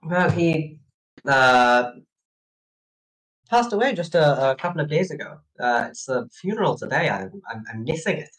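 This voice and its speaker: A man plays his character at a tabletop game, halting and hesitant, full of uhs and restarts. His pitch swings widely. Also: sing-song, fairly bright tone, poor audio. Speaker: player.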